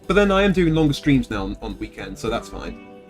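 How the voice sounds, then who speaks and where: A man streaming a video game, chatting to viewers in an animated, rambling way. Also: mid-range voice, brisk, faint music behind. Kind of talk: casual gameplay commentary.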